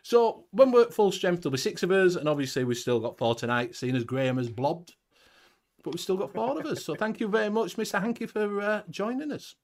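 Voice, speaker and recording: Chuckling northern English man, higher voice. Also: animated, a little fast, darkish tone. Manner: swears freely, chuckles often. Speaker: host. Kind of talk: casual livestream chat.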